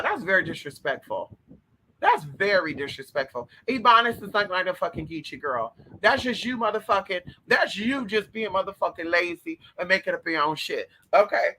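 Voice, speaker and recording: A man with a high, piercingly bright voice, delivering a casual spiritual advice monologue as host. He is sassy and profane, animated throughout, and breaks into sudden shouts. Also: normal speed, a little hiss or hum, low-quality recording.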